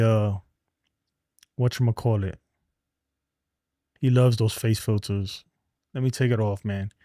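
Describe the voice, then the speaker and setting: A man's voice: medium pitch, warm tone, dry recording, studio quality. A man hosting a casual sports livestream, chatty and laid-back, reading viewer comments and calling people man and bro. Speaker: livestream host.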